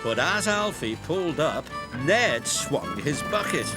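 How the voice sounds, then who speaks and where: A man narrating a children's storybook in a lively storytelling manner. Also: a little high, a little slow. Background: background music.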